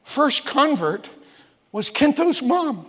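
A man in his sixties from West Virginia preaching a sermon in a church, telling stories, stumbling over repeated words and rising to shouts. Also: very high voice, sing-song, takes it slowly. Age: 60s. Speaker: pastor. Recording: reverberant church hall.

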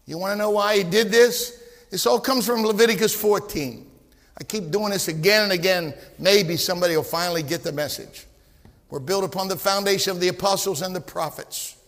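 Fervent pastor in an echoing hall. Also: male voice, high voice, expressive, moderate pace. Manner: fervent storytelling, builds to shouted emphasis. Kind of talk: sermon. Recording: long hall reverb.

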